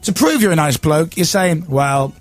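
A man's voice: high voice, big pitch swings, normal speed, faint music behind. A man hosting a radio show, talking in gobby, teasing banter. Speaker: radio host. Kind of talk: casual chat. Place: radio studio.

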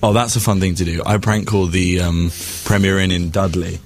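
A man's voice: deep voice, steady tone, fairly quick. A comedian in his thirties chatting as a guest, rambling and self-mocking. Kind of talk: casual chat.

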